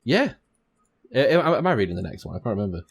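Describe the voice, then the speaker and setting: A man's voice: mid-range voice, sing-song, fast talker, vocal fry, breathy edge. A man co-hosting a casual podcast, laid-back and jokey, swearing casually. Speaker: podcast co-host.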